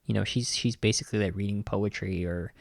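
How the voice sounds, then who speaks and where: Enthusiastic male podcast host, low and gravelly, fillers galore, dry close sound. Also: steady tone, brisk, no room sound. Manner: enthusiastic, heavy use of "like" and "you know". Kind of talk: casual podcast commentary.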